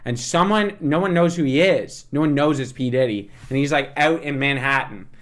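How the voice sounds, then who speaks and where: A man co-hosting a podcast in casual chat, profane and animated when telling stories. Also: on the high side, moderate pace. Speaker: podcast co-host.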